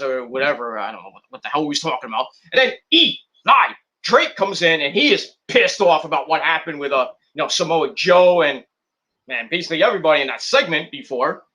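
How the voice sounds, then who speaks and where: Guy rambling thru a wrestling recap, bright voice, swears a lot, jumps all over pitch-wise. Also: sing-song, brisk. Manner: rambling, crude jokes, profane. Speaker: wrestling show reviewer. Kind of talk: casual recap vlog.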